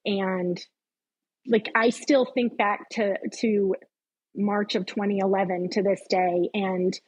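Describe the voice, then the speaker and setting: Middle-aged woman telling her faith story, slow and kinda husky, earnest. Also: medium pitch, steady tone, poor audio. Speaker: podcast guest. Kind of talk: personal faith testimony.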